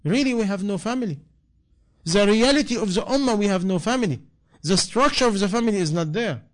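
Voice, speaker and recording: Man, preacher, slightly high voice, repeating phrases with rising emphasis. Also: animated, a little fast. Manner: non-native English, impassioned repetition, rising emphasis. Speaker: imam. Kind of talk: sermon answering a question.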